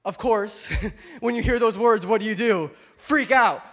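High-voiced animated male pastor. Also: unhurried. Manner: animated, jokey storyteller who addresses the congregation directly. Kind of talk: sermon with personal storytelling. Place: church auditorium.

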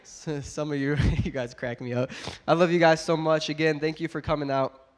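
A young pastor preaching a sermon to his congregation, a little stuffed up from a cold, building to emphatic, loud exhortation between warmer, quieter asides. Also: fairly high pitch, steady tone, normal speed. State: congested from a cold. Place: church service with a congregation.

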